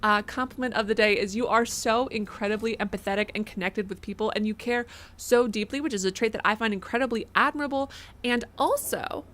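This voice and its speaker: A woman's voice: fairly high pitch, fairly quick, fairly bright tone. Giggly, jumpy woman streamer. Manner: chatty, giggly, easily startled, reads donations aloud. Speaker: game streamer. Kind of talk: casual live gameplay commentary.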